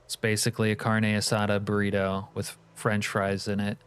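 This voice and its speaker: A man's voice: fairly low pitch, completely flat delivery, normal speed, fairly bright tone, a little hiss or hum. A man streaming a game live, chatting casually with his viewers in a joking, profane way. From California. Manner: joking, profane banter with chat.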